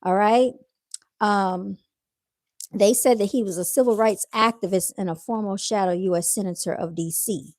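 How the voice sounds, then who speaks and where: A woman's voice: medium pitch, moderate pace, darkish tone, no echo. A woman delivering an opinionated commentary monologue straight to her viewers, emphatic and repetitive as she drives her points home. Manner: emphatic, repeats points, addresses viewers directly. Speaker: commentary vlogger.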